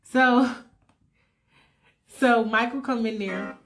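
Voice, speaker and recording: A woman retelling a comic fan-fiction story casually, animated and profane with asides to listeners. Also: fairly high pitch, slow.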